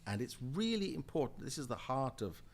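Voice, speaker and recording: An older man from Jamaica and the UK speaks at medium pitch, a little fast. A member of the House of Lords appearing as a podcast interview guest, he is emphatic and lively, telling stories and laughing often.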